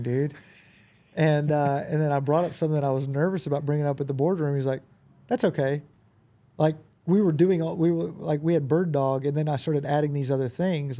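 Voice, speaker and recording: A man who is a podcast guest, telling animated anecdotes in a casual conversation and often acting out quoted dialogue. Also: fairly high pitch. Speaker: podcast guest, business owner.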